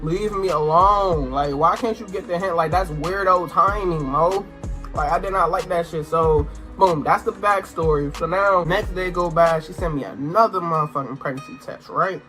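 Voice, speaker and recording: A young adult man telling a story to camera in a casual, animated way, swearing and exclaiming as he goes. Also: high-pitched, moderate pace, soft background music. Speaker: storytime vlogger. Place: indoor room, sit-down recording.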